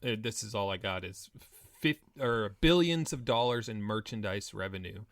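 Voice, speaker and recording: A man co-hosting a podcast, haltingly reading trivia notes aloud in casual chat. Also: lowish voice, a bit bright, dry recording. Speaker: podcast co-host.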